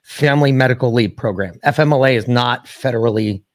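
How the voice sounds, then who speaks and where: A man's voice: mid-range voice, a little fast, dry recording, studio quality. A man co-hosting a podcast in casual political chat, joking, swearing and making emphatic points. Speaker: podcast co-host.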